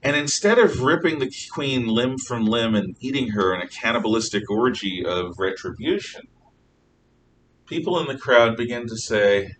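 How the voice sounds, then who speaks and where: A man teaching a history class, telling the story in an animated, storytelling way and often clearing his throat. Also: mid-range voice, moderate pace. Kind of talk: classroom lecture. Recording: distant mic with faint noise.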